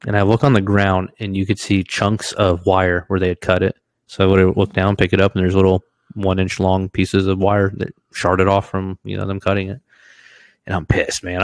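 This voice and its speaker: Low-voiced man telling a rowdy story. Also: dry recording. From Washington state, US. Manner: animated storyteller, swears freely, laughs through his stories. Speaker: podcast co-host. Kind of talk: casual storytelling chat.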